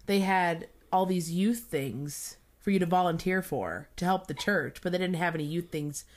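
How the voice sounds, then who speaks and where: A woman's voice: fairly low pitch, normal speed. A woman co-hosting a podcast, chiming in with playful, teasing reactions in casual chat. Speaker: podcast co-host. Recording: faint background noise.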